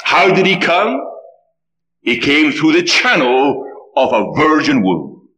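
Animated preacher man telling a story. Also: slow. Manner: animated, swinging pitch, dramatic storytelling. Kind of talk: sermon with storytelling.

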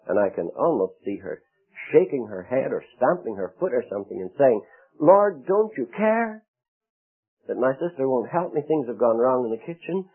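A man preaching a sermon, expressive, with dramatic pauses and acted-out quotes. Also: mid-range voice, husky. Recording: tinny phone-like radio broadcast.

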